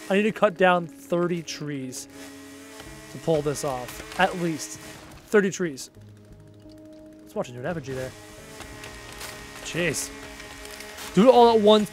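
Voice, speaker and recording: A young Canadian man with a Canadian accent, chatting casually on a gaming livestream, thinking aloud and answering viewer comments. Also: high voice. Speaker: livestream gamer.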